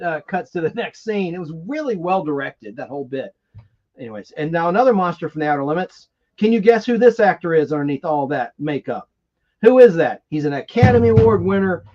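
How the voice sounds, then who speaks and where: A man's voice: high voice, darkish tone, highs cut off. A man hosting a live stream, chatting casually and enthusiastically, rambling from one aside to the next. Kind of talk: casual chat about classic TV monsters.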